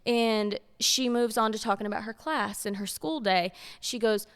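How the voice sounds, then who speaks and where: A woman's voice: a little high, fairly even intonation, normal speed, hardly any pauses, smooth. A woman, co-hosting a faith-based talk show and telling stories earnestly. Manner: earnest, storytelling, repeats for emphasis. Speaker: podcast co-host. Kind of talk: casual faith-based chat.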